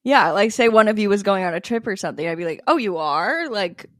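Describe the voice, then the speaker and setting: A woman's voice: mid-range voice, fast, no echo, studio quality. A young woman co-hosting a podcast in casual chat, laughing often while reading listener stories. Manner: laughs often, lively, animated. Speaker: podcast co-host.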